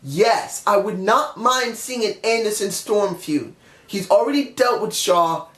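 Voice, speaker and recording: A man's voice: sits high, a little slow, a bit bright, reverberant. A man giving a casual, opinionated review monologue, chatty and often correcting himself mid-sentence. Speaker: wrestling show reviewer.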